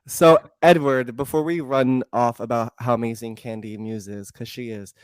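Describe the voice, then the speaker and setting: A man's voice: mid-range voice, steady tone, moderate pace, smooth, dry recording, studio quality. A man co-hosting a podcast in casual chat, emphatic, profane and playfully shady. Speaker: podcast co-host.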